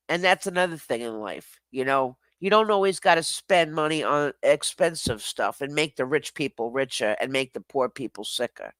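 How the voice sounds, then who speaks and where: A man's somewhat high, slightly bright voice comes through with no room sound as he hosts a casual livestream. He rambles, curses, and reacts to comments from viewers, laughing often, apologizing, and running himself down.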